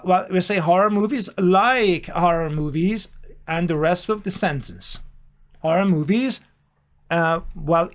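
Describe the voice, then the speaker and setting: A man teaching grammar, speaking in a slow, repetitive, emphatic way with many fillers. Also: high voice. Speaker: English teacher. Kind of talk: grammar lesson explanation.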